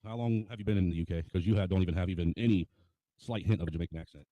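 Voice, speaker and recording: Blunt cussing guy grilling a guest, lowish voice, talks really fast. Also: no echo, lo-fi sound. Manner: blunt, profane, pointed questioning. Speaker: panel member. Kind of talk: heated casual panel debate.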